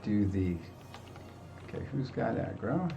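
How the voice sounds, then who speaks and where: A man's voice: lowish voice, very animated, slow pace, vocal fry, highs cut off, over music. An older man hosting a gaming video, giving chatty, self-deprecating commentary as he plays. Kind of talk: casual gameplay commentary.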